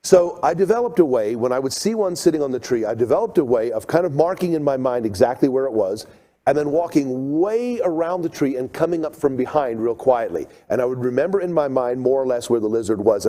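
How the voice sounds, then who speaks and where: A middle-aged man giving a seminar talk, telling stories with lively acted-out moments. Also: medium pitch, fairly quick. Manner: animated storyteller, acts out scenes. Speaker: creation seminar speaker.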